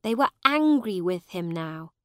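A woman narrating a simple storybook in a clear, measured way. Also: fairly low pitch, big pitch swings, pushed and bright, no echo, clean studio sound. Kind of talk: slow storybook reading for learners.

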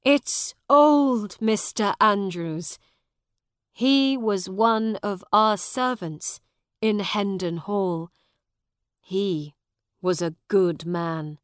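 A woman's voice: medium pitch, extremely slow, smooth, no echo, studio quality. A woman voicing a bold, direct young nobleman in a storybook reading. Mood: urgent.

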